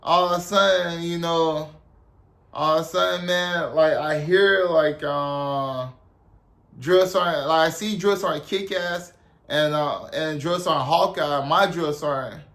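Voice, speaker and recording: A man's voice: fairly high pitch, steady tone, unhurried, fairly bright tone. A young man from South Carolina, telling a story casually and rambling with lots of "like" and "you know". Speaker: storyteller, army veteran.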